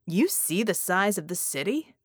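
A woman voicing a sarcastic male shapeshifting genie hero with quick, mocking remarks, in an audiobook. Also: mid-range voice, sing-song, breathy edge, dry recording, clean studio sound. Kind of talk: audiobook character voice.

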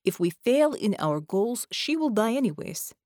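A woman's voice: on the high side, big pitch swings, moderate pace, a little mellow, dry recording, clean studio sound. A woman reading the part of a hardened female soldier in an audiobook, speaking bluntly and matter-of-fact.

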